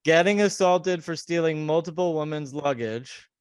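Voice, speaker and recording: A man's voice: a little high, moderate pace, smooth, no echo, clean studio sound. A man hosting a podcast, reading memes aloud in casual, mocking chat. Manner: sarcastic, mocking. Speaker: podcast host.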